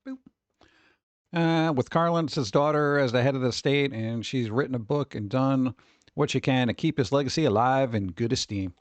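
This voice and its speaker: Tired guy rambling on stream, dry close sound, sarcastic, middling pitch. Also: normal speed, no echo. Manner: rambling, sarcastic, reads chat aloud. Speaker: streamer reading chat. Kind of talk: casual livestream chat.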